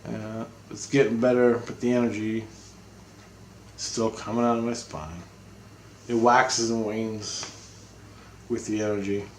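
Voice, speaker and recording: A man's voice: lowish voice, steady tone, measured pace, long pauses, darkish tone, roomy sound, a little hiss or hum. A man giving a casual, rambling video update, talking bluntly and swearing freely. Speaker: spiritual vlogger.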